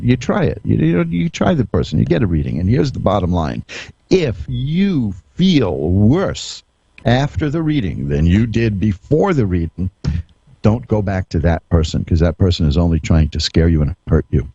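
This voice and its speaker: A low, mellow male voice telling homespun stories as a radio psychic host, chuckling and restarting his sentences. The sound is dull and lo-fi, like a streamed radio broadcast. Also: husky, no room sound. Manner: folksy storytelling with chuckles and frequent restarts. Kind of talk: radio monologue, anecdotal.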